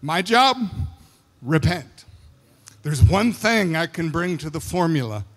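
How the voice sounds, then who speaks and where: A man's voice: fairly high pitch, animated, takes it slowly. A middle-aged male pastor preaching a sermon, telling a family story with acted quotes and laughing at his own anecdotes. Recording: long hall reverb.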